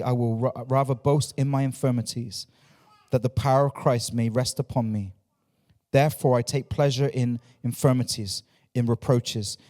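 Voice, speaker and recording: A man's voice: medium pitch, a little mellow, big-room sound. A man preaching a sermon as pastor, repeating phrases and drawing answers from his congregation. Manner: repetitive, call-and-response with the congregation. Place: church.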